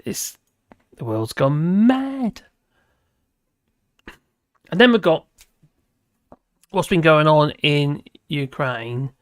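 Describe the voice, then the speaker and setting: A man's voice: a little high, expressive, very slow, pauses often, no room sound, clean studio sound. A man hosting a live stream, chatting casually with viewers and rambling between topics while laughing often.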